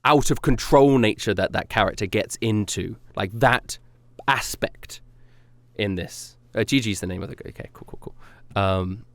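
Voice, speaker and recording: A man's voice: lowish voice, unhurried, a bit bright, no echo. A man streaming casual commentary as he ranks his own rap songs, rambling and self-critical as he talks them through.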